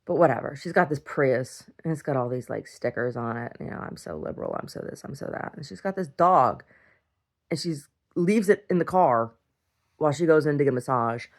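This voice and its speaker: A low-pitched middle-aged woman keeps a casual video diary. She talks bluntly, swears freely and drifts from one rant into the next. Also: moderate pace. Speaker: video diarist. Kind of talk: casual rambling monologue.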